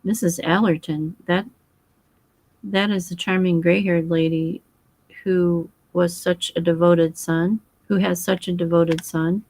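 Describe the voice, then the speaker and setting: A woman voicing a precise, fussy foreign male detective who speaks in formal, measured phrases. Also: fairly low pitch, level tone, darkish tone, no echo.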